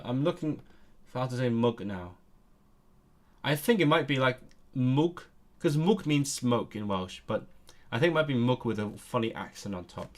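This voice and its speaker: A man on a casual live stream, thinking aloud as he works through language exercises, hesitating often and repeating words. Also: mid-range voice.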